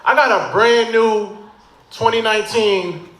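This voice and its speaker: A man doing a stand-up comedy set at a brewery bar, telling stories with animated delivery and quick punchlines on a handheld mic. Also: high-pitched. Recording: echoey noisy bar room.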